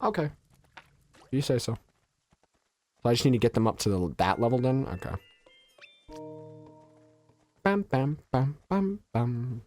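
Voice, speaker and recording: A man's voice: mid-range voice, animated, moderate pace, pauses often, a little mellow, soft background music. A man streaming a game and casually chatting with his viewers, with a stuffy, nasal voice from allergies and a loose, joking manner. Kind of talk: casual live-stream chat, answering viewers.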